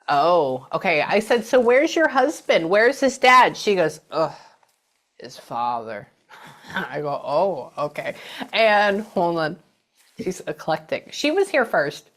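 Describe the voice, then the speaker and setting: Her voice is mid-range and slightly bright. She's a middle-aged woman doing a psychic reading, chatty throughout, passing on messages by performing them in quoted voices.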